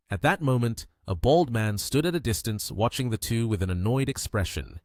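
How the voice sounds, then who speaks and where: A man's voice: fairly low pitch, animated, normal speed, few pauses, dry recording, studio quality. A man narrating a story recap in a scripted, storytelling way.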